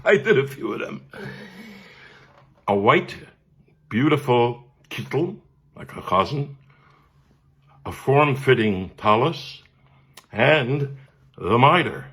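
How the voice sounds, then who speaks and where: A man, a cantor telling a humorous personal story with animated delivery and frequent laughs. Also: medium pitch, slow pace, long pauses, slightly rough. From Brooklyn, New York. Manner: animated, laughs often, acts out voices.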